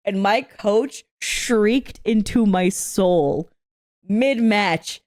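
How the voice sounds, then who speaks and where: A young woman hosting an anime reaction, talking casually, swearing freely and shouting at the screen in excitement. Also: medium pitch, very slow.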